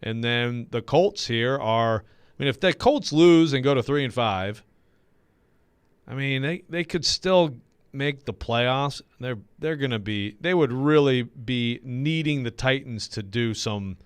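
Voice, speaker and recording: A man's voice: mid-range voice, lively intonation, unhurried, smooth, no echo, studio quality. A man co-hosting a sports radio show, chatting casually and rambling with lots of fillers.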